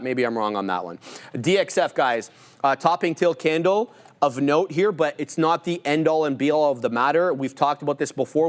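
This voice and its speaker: A man co-hosting a live trading stream, chatty and musing, often asking questions as he talks. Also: medium pitch.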